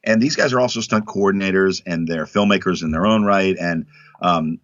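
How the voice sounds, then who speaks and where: A man talking as a guest in a casual interview, emphatic and animated, acting out quotes in other voices. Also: sits low, a little fast, no room sound. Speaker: actor guest. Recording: dull lo-fi dry sound.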